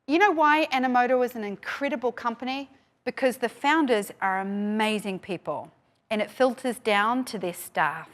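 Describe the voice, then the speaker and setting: A woman's voice: fairly high pitch, normal speed. A middle-aged woman with a New Zealand accent gives an emphatic motivational conference talk from a stage, repeating her key phrases. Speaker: keynote speaker. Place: conference stage before a live audience.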